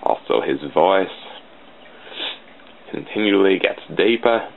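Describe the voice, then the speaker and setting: A man talks slowly through his drawing in a put-on voice that sits extremely low and grinds with gravel. He speaks in a mock-formal way. The sound is thin and phone-like, with a faint hiss behind it. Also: lively intonation. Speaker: channel host drawing sprites. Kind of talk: casual drawing commentary.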